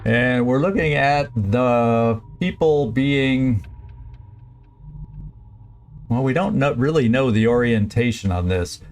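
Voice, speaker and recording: A man streaming a strategy game, planning his moves aloud in a halting, casual way with frequent restarts. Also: mid-range voice. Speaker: gameplay streamer. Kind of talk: casual let's-play commentary.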